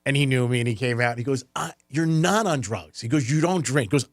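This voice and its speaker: This middle-aged man talks fast and rambles, with a lively voice that swings up and down and breaks into laughter often. His slightly high voice is recorded dry and close on a studio mic. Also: no room sound. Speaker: radio show host. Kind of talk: casual radio banter.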